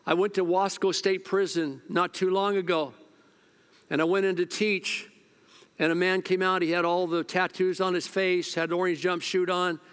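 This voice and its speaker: A male pastor preaching a sermon at a church service, telling stories, sometimes hushed and sometimes loud. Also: sits high, clear, resonant tone.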